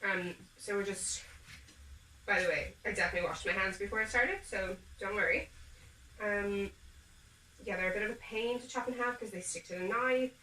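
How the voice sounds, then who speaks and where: Bright-voiced woman vlogging in an echoey kitchen. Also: mid-range voice, normal speed, a little hiss or hum. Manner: chatty, upbeat, talking to viewers while cooking. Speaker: home baking vlogger. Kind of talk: casual cooking demonstration. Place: home kitchen. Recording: echoey kitchen, mic a bit far off.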